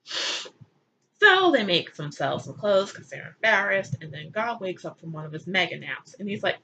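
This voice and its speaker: A woman's voice: lowish voice, animated, moderate pace, pushed and bright, a little hiss or hum, rough recording. A woman reading aloud her own irreverent, crude comic retelling in a sarcastic way. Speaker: channel host. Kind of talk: comedic read-aloud retelling.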